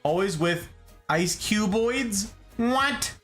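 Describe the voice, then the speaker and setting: A man's voice: high voice, lively intonation, drawn-out words, fairly bright tone, faint music behind. A man hosting a casual live stream, chatting playfully and greeting viewers by name. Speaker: streamer host. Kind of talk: casual chat reading live chat.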